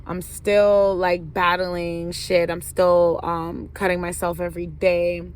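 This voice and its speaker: A woman's voice: fairly low pitch, level tone, slow pace, clear, resonant tone. A young woman telling a personal story in a casual vlog, slangy and profane, with "like" in nearly every sentence. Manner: slangy, profane, fills talk with "like". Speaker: vlogger.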